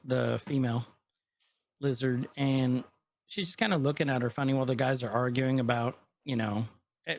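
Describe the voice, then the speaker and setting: A mid-range male voice, recorded with no room sound, belongs to a podcast co-host casually chatting through an episode recap. He retells it with animation and quotes the characters' lines.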